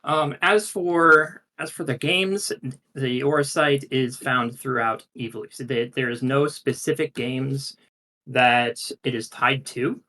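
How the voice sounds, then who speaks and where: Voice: medium pitch, takes it slowly, bright, forceful tone. A panel co-host giving a casual lore presentation, enthusiastic, with frequent fillers.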